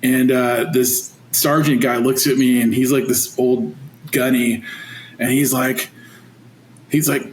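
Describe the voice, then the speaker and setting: A man in his forties, a teacher and coach, telling stories in an animated, chatty way with lots of fillers. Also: medium pitch, slow pace. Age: 40s. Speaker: teacher and football coach, guest. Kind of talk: casual storytelling interview. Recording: roomy echo, faint noise.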